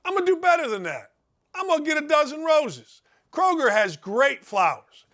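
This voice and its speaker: A middle-aged sports radio host delivers a brash, folksy, animated monologue on his talk show, ribbing his listeners. His voice is very high-pitched and moves at a normal speed.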